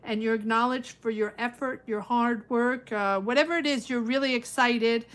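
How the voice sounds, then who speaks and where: A woman's voice: on the high side, fairly even intonation, moderate pace, fairly bright tone. A middle-aged woman giving a live-stream tarot reading, musing aloud and talking to viewers by name. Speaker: tarot reader.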